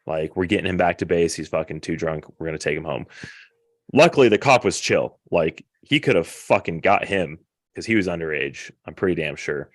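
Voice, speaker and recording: Deep-voiced man telling a profane war story. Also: fairly quick, no echo, clean studio sound. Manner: profane, rambling, animated retelling. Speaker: podcast host. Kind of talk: casual storytelling.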